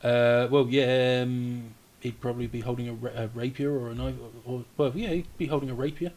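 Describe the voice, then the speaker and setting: A man runs a tabletop game as dungeon master. He narrates in a relaxed, jokey way and swears freely, at a middle pitch. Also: fairly quick. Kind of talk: running a live tabletop game.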